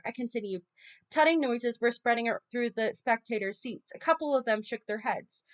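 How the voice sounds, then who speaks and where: At a moderate pace and fairly high pitch, a woman reads from a children's novel as an audiobook narrator. It's an informal delivery full of slips that she keeps going back to fix.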